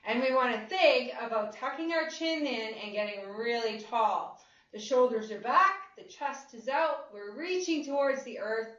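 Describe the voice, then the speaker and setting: Female yoga instructor, slightly high voice, slow unhurried delivery, recorded in a roomy space from a distance, dull sound. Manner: slow, calm guiding cues. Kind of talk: guided chair yoga instruction.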